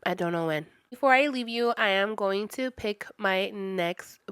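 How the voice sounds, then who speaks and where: A woman's voice: mid-range voice, unhurried, a bit bright, clear, resonant tone, no room sound. A woman in her thirties chatting casually through a book review, retelling the story with lots of "like" fillers. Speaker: book reviewer, channel host.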